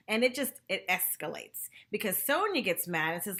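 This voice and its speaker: Woman, vlogger, gossipy TV recap, chatty, very lively pitch, bright tone. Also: brisk. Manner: animated, chatty, says "y'all" and "like" often. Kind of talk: casual gossipy episode review.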